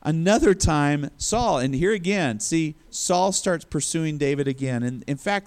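A male preacher with a darkish voice on the high side gives a sermon in a conversational storytelling manner, acting out quotes.

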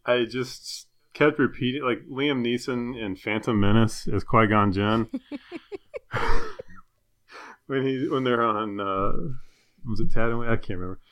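A man co-hosting a podcast in casual chat, giggling at his own jokes, his voice hoarse. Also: medium pitch, unhurried, long pauses, a bit bright. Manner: giggly, self-amused. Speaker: podcast co-host.

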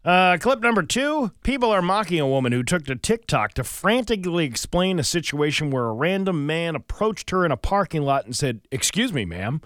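A man hosting a morning radio show, reading news and weather and joking with his co-host in a casual, animated way. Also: fairly high pitch, a little fast, hardly any pauses, dry recording, studio quality. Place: radio studio. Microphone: studio microphone.

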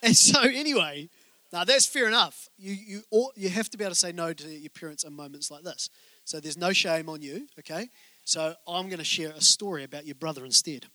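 A male pastor giving a sermon, telling stories in a joking, conversational way and speaking straight to the congregation with quick asides. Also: fairly high pitch, sharp tone, no echo. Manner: joking, conversational storytelling from the pulpit.

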